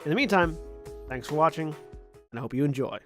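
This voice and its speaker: A man's voice: on the high side, expressive, fairly quick, a bit bright, faint music behind. A man, the show's executive producer, reading friendly announcements and thanks to supporters before the stream. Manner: friendly, promotional. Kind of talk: scripted announcement.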